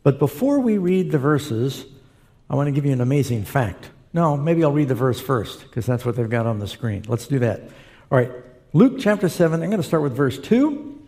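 A man's voice: medium pitch, sing-song, normal speed, warm tone. A man preaching a sermon. He reads scripture aloud and makes chatty asides to his listeners. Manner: conversational, with asides to the audience. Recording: long hall reverb.

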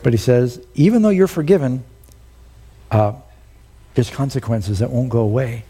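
A middle-aged man preaching a sermon, telling the story with animated, acted-out quotes. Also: medium pitch, moderate pace, breathy edge. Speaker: pastor.

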